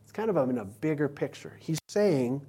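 A man's voice: a little high, expressive, moderate pace, dark tone, husky. A man preaching a conversational sermon as pastor, teaching from scripture and playfully acting out everyday examples. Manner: casual, illustrates with playful acted-out examples.

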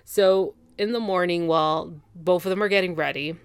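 Woman with a low, dry voice. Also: fairly even intonation, normal speed, smooth, dry recording. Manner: opinionated, exasperated, gossipy, acts out quotes. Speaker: podcast host recapping reality TV. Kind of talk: casual chatty recap.

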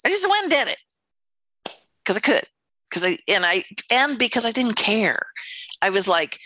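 A middle-aged woman tells a story in a casual chat, and her pitch swings widely as she goes. Her voice is bright, and she keeps slipping into other people's voices between bursts of laughter. The sound is close and dry. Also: big pitch swings, normal speed, pauses often, no room sound. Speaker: author.

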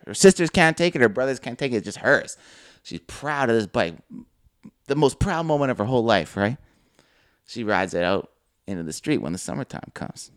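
A young man co-hosting a casual podcast, telling an animated story and swearing freely. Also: mid-range voice, no echo, clean studio sound. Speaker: podcast co-host.

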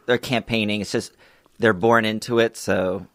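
A young man in a casual chat, speaking hesitantly with halting fillers. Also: fairly low pitch, fairly even intonation, a bit bright, no echo, clean studio sound.

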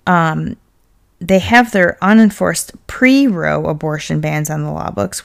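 Casting: young woman, podcast host, gravelly fry in the voice, profane, heated, rant-style delivery. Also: on the low side. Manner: blunt, profane, fired-up venting. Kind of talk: casual ranting monologue.

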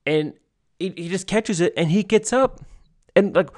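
A young man giving solo sports commentary from home, excitable and gushing, often repeating and restarting himself. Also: high voice, moderate pace, no echo, clean studio sound. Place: home basement.

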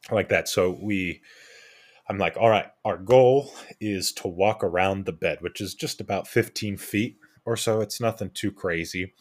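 A man with a deep, low voice tells a story in a relaxed podcast chat. He is a young adult and slips into quick impressions of the people in his story. He often stops and restarts his sentences. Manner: animated anecdote-telling with quoted voices and restarts. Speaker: podcast co-host. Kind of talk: casual storytelling.

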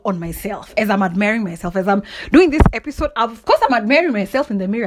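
A woman's voice: on the high side, fairly quick, hardly any pauses. A young adult woman hosting a solo podcast, giving emphatic, motivational talk and often laughing. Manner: animated and emphatic, often asks "do you understand?", laughs often. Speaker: podcast host.

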